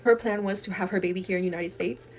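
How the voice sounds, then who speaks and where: A woman's voice: mid-range voice, racing, a little hiss or hum. A young woman from Texas telling a wild family story in casual, profane speech, acting out quotes. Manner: profane, animated, acts out quotes. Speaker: guest storyteller.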